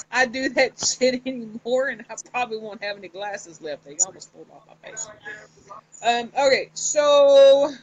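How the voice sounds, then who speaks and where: A woman's voice: on the high side, unhurried, highs cut off. A woman author chatting casually with fans on a live stream from her phone, laughing often and swearing freely.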